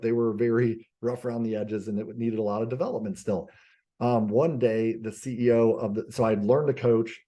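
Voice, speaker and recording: Interviewed on a conversational podcast, a business coach tells stories animatedly in a mid-range, warm voice. His speech is full of fillers and restarts.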